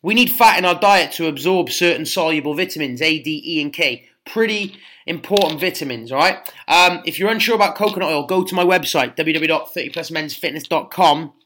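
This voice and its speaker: A man's voice: on the high side, fairly quick, bright, forceful tone. Blunt chatty British fitness trainer man. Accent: British English. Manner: blunt, chatty, addresses listeners as mate and guys. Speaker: personal trainer. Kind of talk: casual fitness advice monologue.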